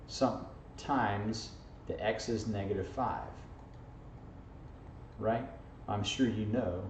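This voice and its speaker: A fairly low, darkish male voice belongs to a math teacher giving a jokey, playful algebra lesson on informal video, forever asking "okay?" and "right?". The recording was made across the classroom and sounds echoey, distant and dull, with faint hiss.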